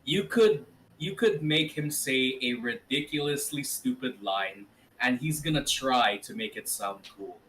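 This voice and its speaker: Bright-voiced man, distant from the mic. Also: medium pitch, animated, a little slow, slight background noise. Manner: easygoing, laughs while telling stories. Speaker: co-host. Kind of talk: casual chat.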